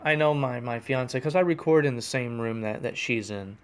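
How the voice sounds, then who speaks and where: A man's voice: mid-range voice, moderate pace, clean tone. A man hosting a casual solo podcast, rambling and breaking off mid-thought, recorded on a gaming headset microphone in a room at home. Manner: rambling, self-interrupting, chuckling. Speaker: podcast host. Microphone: USB gaming headset microphone.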